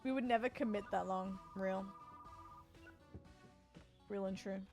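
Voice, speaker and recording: A woman's voice: medium pitch, unhurried, over music. An Australian woman in her forties, streaming and chatting casually with her viewers, teasing and joking as she answers chat. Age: 40s.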